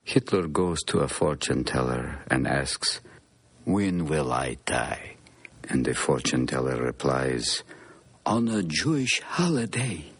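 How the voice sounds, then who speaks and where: An actor playing a weary older man who slowly tells a dark joke. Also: rumbling low, big pitch swings, slightly rough, no room sound, exaggerated voice. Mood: dry wry.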